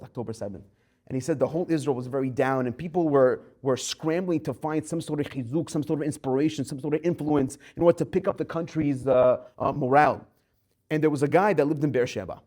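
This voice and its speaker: A man giving a Torah class as a rabbi, telling a story with lively acted-out dialogue. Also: medium pitch. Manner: animated storyteller acting out quoted voices.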